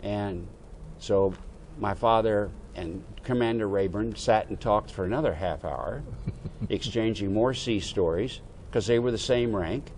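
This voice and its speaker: An older American man, a veteran, telling a lively story from his youth and acting out the dialogue. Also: on the low side, measured pace, slight background noise. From United States. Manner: animated anecdote-telling with quoted dialogue. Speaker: veteran interviewee. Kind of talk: oral history storytelling.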